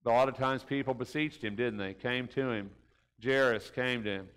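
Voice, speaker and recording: A man's voice: mid-range voice, moderate pace, fairly bright tone, clear, resonant tone. Folksy man teaching in a reverberant room. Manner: folksy, keeps asking rhetorical tag questions. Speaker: Bible class teacher. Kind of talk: conversational Bible lesson. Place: church classroom.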